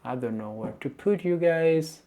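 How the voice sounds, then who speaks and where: A man from Italy with an Italian accent, a native Italian speaker, ranting to camera in a casual vlog from his home kitchen, animated and exasperated with many restarts. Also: on the high side, a little slow, phone-quality sound, slight background noise. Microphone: camera on small tripod.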